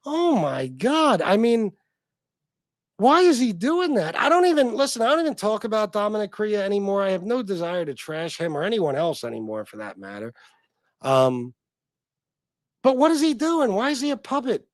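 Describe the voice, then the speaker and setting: A man's voice: high-pitched, big pitch swings, moderate pace, no echo. A man hosting a livestream, reacting in a casual, profane, incredulous and exasperated way. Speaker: livestream host.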